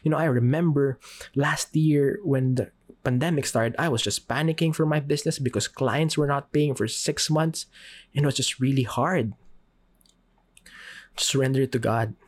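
Husky man giving faith encouragement. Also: medium pitch. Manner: earnest, encouraging, with dramatic pauses. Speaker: podcast host. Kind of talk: inspirational faith talk.

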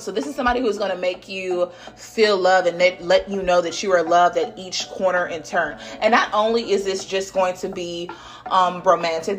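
A young woman talks straight to her listeners in a loose, unscripted card reading. She is blunt and chatty, drops curse words freely and laughs easily, with faint music playing under her voice. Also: on the low side. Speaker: tarot reader. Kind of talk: casual spiritual reading.

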